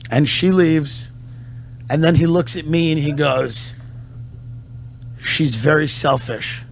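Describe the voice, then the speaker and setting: Male comedian with a slightly high voice, slow deadpan delivery, mock-solemn patriotic speech, a faint hum behind him. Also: gravelly. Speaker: comedian and podcast host. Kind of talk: satirical mock-patriotic monologue.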